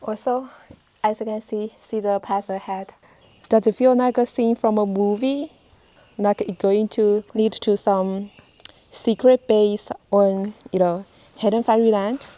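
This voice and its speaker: Slow, mellow-voiced woman hiking vlogger. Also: mid-range voice, steady tone, no room sound. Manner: chatty, talks to viewers while walking. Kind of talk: casual vlog narration while hiking. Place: narrow humid cliff crack outdoors.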